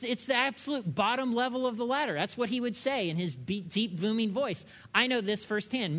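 High-voiced pastor man in a reverberant hall. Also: a bit bright. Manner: conversational, with frequent rhetorical check-ins and asides. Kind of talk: sermon.

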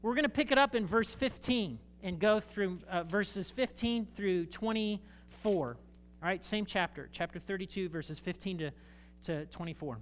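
Conversational pastor preaching a sermon. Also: male voice, high-pitched, normal speed, slight background noise. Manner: conversational, animated, jokey asides to the congregation.

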